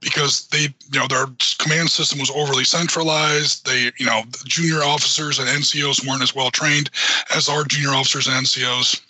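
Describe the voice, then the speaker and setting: A man's voice: mid-range voice, fairly even intonation, brisk, sharp tone, no echo, rough recording. A man co-hosting a podcast, rambling knowledgeably through a casual chat with lots of fillers and restarts. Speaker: podcast co-host.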